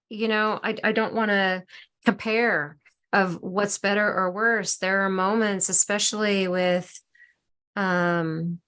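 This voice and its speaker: An enthusiastic woman co-hosting a casual spiritual podcast, with a voice of ordinary pitch for a woman. She speaks warmly and encouragingly, inviting people to explore without fear. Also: clear, resonant tone. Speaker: podcast co-host.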